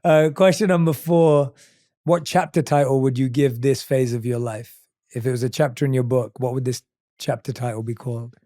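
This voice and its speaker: Calm man hosting an interview. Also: medium pitch, moderate pace, no echo, studio quality. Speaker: podcast host. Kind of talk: interview questions and thanks.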